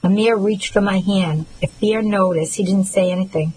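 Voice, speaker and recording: A woman reading a first-person novel aloud in a measured, earnest and reflective way. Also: mid-range voice, darkish tone, slight background noise, rough recording. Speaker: audiobook narrator.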